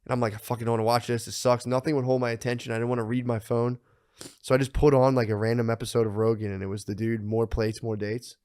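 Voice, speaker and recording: A young man co-hosting a podcast, telling profane, animated stories in casual chat and bursting into laughter. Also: medium pitch, fast talker. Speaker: podcast co-host.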